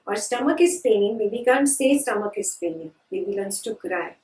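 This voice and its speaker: A woman's voice: mid-range voice, expressive, normal speed, a little mellow. Woman teaching a class, echoey. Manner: asks the group questions, repeats key phrases. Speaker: spiritual teacher. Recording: echoey room from a distance.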